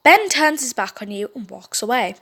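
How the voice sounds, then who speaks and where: A woman gaming YouTuber reading a story game aloud, expressive and reacting with exclamations. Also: on the high side, moderate pace.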